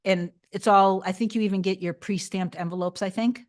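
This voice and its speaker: A manifestation coach reads and responds to her livestream chat in a steady, mid-range voice, speaking fairly quickly. She's chatty and rambling, keeps restarting, and becomes soft and comforting when she advises.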